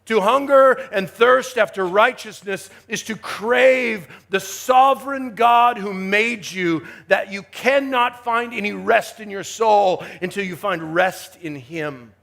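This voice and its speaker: In a university chapel, a man preaches a sermon emphatically in a high, gravelly voice that stays rough and creaky throughout. He speaks slowly with hardly any pauses, dipping into hushed asides and building to rising exhortations.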